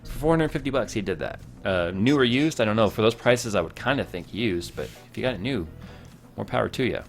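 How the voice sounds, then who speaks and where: A man's voice: lowish voice, lively intonation, fairly quick, creaky, soft background music. A man hosting a casual tech live stream, chatty and rambling, who reads viewers' comments aloud. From Massachusetts, United States.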